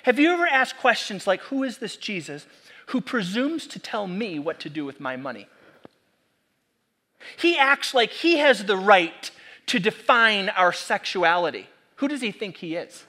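A man preaching a sermon, animated and full of rhetorical questions to the congregation. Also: high voice, unhurried, husky. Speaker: pastor.

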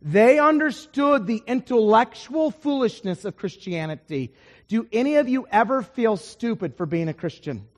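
A man preaching a sermon, telling a story with lively swings between loud emphasis and quiet asides. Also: very high voice, moderate pace, big-room sound.

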